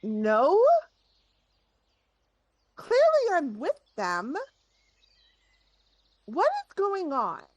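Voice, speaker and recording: Woman putting on an indignant noble girl, high and shrill, defiant, tabletop game role. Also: very animated, takes it slowly, dry recording, heavily acted.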